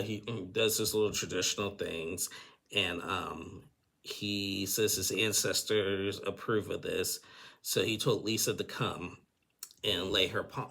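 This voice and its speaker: Male recapper, low gravelly voice, casual and rambling, with restarts. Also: bright, forceful tone. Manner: rambling, with frequent restarts and chuckles. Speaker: TV recap host.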